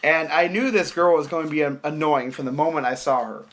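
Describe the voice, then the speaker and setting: Animated young man telling a story. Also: fairly high pitch, brisk. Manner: animated, acts out quoted voices, swears casually. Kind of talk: casual podcast storytelling.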